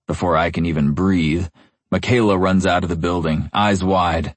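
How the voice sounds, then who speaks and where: A young man reads a first-person novel with gritty intensity. His voice is very deep and husky, recorded close and dry with no room sound. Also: fairly even intonation, normal speed, no echo. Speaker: audiobook narrator.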